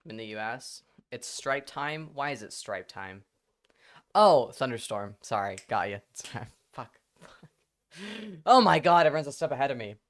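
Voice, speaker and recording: A live streamer talking casually to their audience at a middle pitch. The talk rambles, breaks into laughter often and drops curse words freely. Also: moderate pace.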